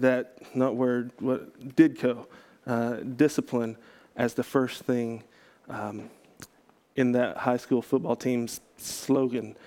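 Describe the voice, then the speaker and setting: A man's voice: medium pitch, a little mellow. A man from Texas, a pastor, giving a casual teaching talk to a group, chatty and self-correcting, with joking asides.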